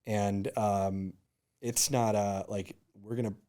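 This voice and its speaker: Animated male founder telling stories. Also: on the low side, slow pace. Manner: animated, acts out quotes in raised voices. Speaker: startup founder, guest. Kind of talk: casual storytelling interview.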